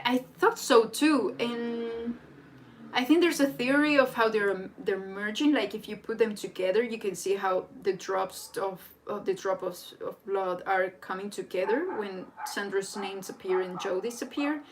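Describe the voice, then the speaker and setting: A young woman, a native Spanish speaker, hosting a casual live chat in an excitable, rambling way. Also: a little high, measured pace. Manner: excitable and rambling, with frequent restarts. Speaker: livestream host. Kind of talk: casual live chat reading viewer comments.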